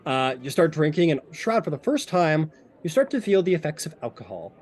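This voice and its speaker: A man narrating a tabletop game as game master, casual and animated with many fillers. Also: on the high side, fairly quick.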